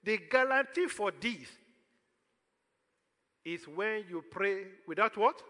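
A man's voice: high-pitched, expressive, slow pace, bright, forceful tone, big-room sound. A man with a Nigerian accent preaching a sermon as pastor, throwing questions out to the congregation for them to answer.

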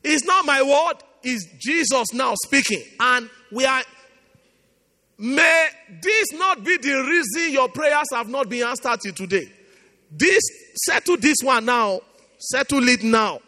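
High-voiced, impassioned preacher man. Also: in a large hall. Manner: impassioned, repetitive exhortation, swings from soft to shouting. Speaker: pastor leading prayer. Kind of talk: fervent prayer-meeting sermon.

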